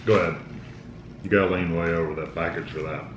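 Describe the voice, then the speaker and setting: A man's voice: sits low, quick pace. Laid-back man joking while tasting snacks. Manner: relaxed, joking asides. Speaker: co-host. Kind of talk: casual food tasting chat. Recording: roomy with faint background noise.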